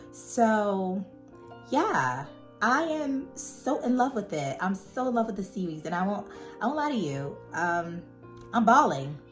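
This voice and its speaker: A woman vlogger in a casual, heartfelt monologue, animated and emphatic, who repeats words for emphasis. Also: on the low side. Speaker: vlogger reviewing a web series.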